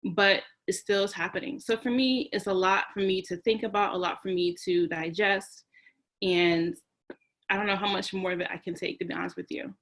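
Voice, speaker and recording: A woman's voice: mid-range voice, fairly even intonation, moderate pace, a bit bright. A woman speaking on an online panel, earnest and emotional, often repeating her phrases.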